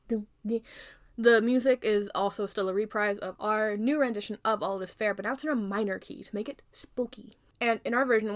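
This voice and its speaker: A young woman casually retelling a fairy tale in her own version, animated and jokey, with plenty of asides. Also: mid-range voice. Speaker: youtuber retelling a story.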